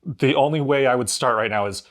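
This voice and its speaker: A man co-hosting a board game review, chatting casually with restarts and laughs. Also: medium pitch. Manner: halting, laughing, restarts a lot. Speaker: board game show co-host.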